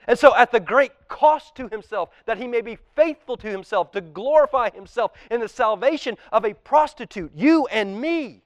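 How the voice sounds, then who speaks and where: A male pastor delivers a sermon in a fairly high voice. He is impassioned, rising to loud emphasis and sinking to hushed, near-whispered lines. The sound is close and dry. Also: expressive, moderate pace, few pauses, no room sound. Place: church auditorium.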